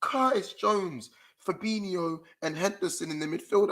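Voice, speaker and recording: Young man, London accent, angry fan rant, high voice, bright and sharp tone. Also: animated, moderate pace, rough recording. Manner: furious, swearing, slang-heavy rant. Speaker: fan channel presenter. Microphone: camera mic.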